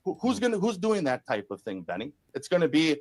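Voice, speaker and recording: A man answering interview questions in a played clip, measured and earnest. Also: a little high, huge pitch swings, no echo, poor audio.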